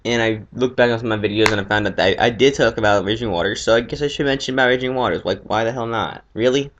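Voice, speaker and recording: A teenage boy from Sacramento rambling casually to the camera, jokey and animated, squealing when he acts out what others said. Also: on the low side, racing, highs cut off, noisy background. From Sacramento, California. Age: teens. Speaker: vlogger.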